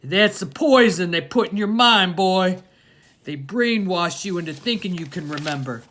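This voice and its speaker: A woman's voice: rumbling low, lively intonation, slow pace, full character voice. A woman voicing a cold, menacing father. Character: cold, menacing grown man, a killer father. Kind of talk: audiobook character voice.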